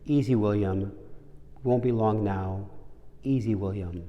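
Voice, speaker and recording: A man playing a calm, patient elderly grandfather who speaks in a very controlled, easy voice, in a story told during a sermon. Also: lowish voice, measured pace, long reverb tail, highs cut off, close to an everyday voice.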